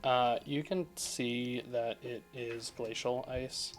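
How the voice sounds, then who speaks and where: A man narrating as game master of a tabletop game, pausing often with ums and restarts. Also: medium pitch, steady tone, faint music behind. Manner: hesitant, many ums and restarts.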